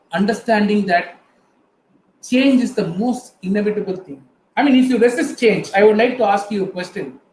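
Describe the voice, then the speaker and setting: High-voiced Indian man, echoey room. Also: a little mellow, a little hiss or hum. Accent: Indian English. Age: middle-aged. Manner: earnest storytelling, addresses the audience directly. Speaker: guest speaker. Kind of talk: motivational talk. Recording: echoey room with faint ambience.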